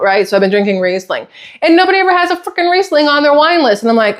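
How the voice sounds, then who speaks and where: A woman's voice: a little high, big pitch swings, fast. Rambling, chatty middle-aged woman vlogger. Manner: rambling, tangential, casual swearing. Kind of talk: casual chatty vlog. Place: home kitchen.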